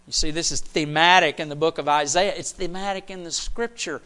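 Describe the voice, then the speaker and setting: A man preaching a sermon, animated, repeating phrases and dropping almost to a whisper for emphasis. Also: sits high, moderate pace, hardly any pauses. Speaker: pastor.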